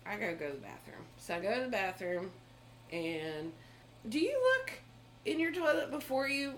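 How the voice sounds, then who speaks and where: A woman co-hosting a podcast, telling a story in a casual, animated way with frequent laughs and swearing. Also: mid-range voice, normal speed, a little hiss or hum. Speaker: podcast co-host.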